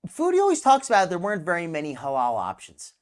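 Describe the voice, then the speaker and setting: A man's voice: high voice, wildly swooping pitch, quick pace. A man hosting a live stream, rambling and sarcastic, poking fun at himself. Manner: rambling, sarcastic, self-deprecating.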